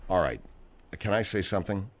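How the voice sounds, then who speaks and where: A middle-aged man hosting a talk radio show, reading promos smoothly and sounding exasperated with his callers. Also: low voice, animated, a little fast.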